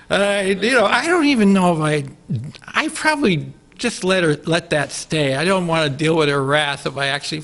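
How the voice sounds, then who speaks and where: A man with a slightly high, gravelly and bright voice spins a personal story before a studio audience. He talks in an animated way, chuckling and cutting himself off to start over. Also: normal speed. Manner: animated, chuckling, self-interrupting. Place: TV studio stage with live audience.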